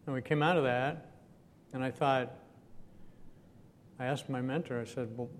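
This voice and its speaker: A man's voice: normal speed, long pauses. Man preaching in an echoey hall. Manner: chatty, asks the audience questions, chuckles now and then. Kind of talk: conversational sermon. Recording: echoey hall with faint rumble.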